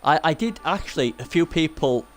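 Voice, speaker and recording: A man's voice: on the high side, expressive, fairly quick, slight background noise. A man hosting casual live commentary of a video game match, chatty and rambling, often restarting his sentences. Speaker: esports commentator and host.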